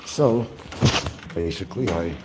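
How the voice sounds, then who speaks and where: Against a noisy ambient background, a man with a low voice hosts a rambling, casual live chat with his viewers. He talks a little slowly and drifts from point to point.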